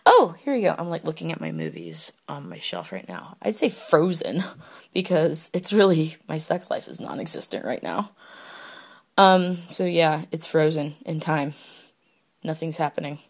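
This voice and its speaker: Low, gravelly young woman chatting candidly. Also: big pitch swings, normal speed. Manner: rambling, giggly, frequent fillers and restarts. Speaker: solo podcaster answering question prompts. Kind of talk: casual candid chat. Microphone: phone.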